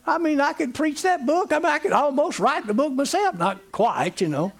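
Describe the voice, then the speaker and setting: A man preaches a sermon to his congregation in a high, sing-song voice that swoops up and down. Expressive and moderately paced, he drives his points home with emphatic, folksy repetition.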